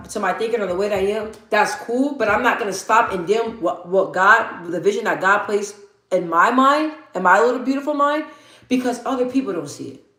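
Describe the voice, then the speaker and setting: A woman hosts a casual livestream, speaking candidly and rambling between her own thoughts and viewers' comments. She swears freely and keeps a mid-range pitch. Her voice carries a noticeable room echo. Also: a bit bright. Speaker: livestream host.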